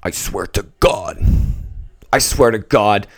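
A man podcasting alone, reacting casually to a live football game as he watches, rambling and excitable, dropping to nervous mutters and jumping to outbursts. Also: lowish voice, takes it slowly, vocal fry. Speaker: solo podcaster. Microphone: talking into a microphone at home late at night.

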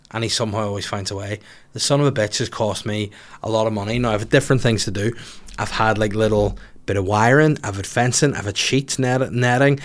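Male podcast host, comic monologue, swears freely, rambling delivery. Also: on the low side.

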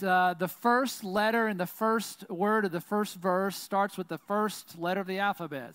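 A man with a Southern American accent preaching a sermon as a pastor. He swings between loud, intense passages and quiet, hushed ones, and keeps asking "right?". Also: on the high side, clear, resonant tone, no echo. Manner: says "right?" very often.

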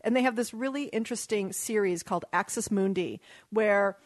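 A woman's voice: medium pitch, moderate pace, no room sound. A woman hosting a talk radio show in a Los Angeles studio, rambling in an exasperated, casual way and swearing freely.

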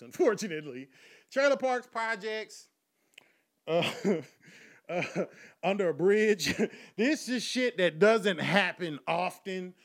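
High-voiced man telling a raunchy comic story. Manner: animated, swings between loud outbursts and low asides, laughs at his own jokes. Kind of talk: profane comic storytelling monologue.

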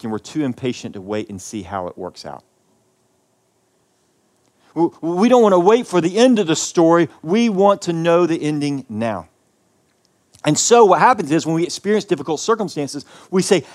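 Southern male pastor, impassioned sermon, loud peaks dropping to quiet lines. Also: fairly high pitch. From American South. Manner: impassioned preaching with big swings in loudness.

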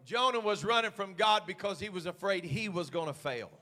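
A man pastor preaching a sermon, swinging from hushed asides to shouted, fiery passages. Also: high voice, expressive, fairly quick, in a large hall.

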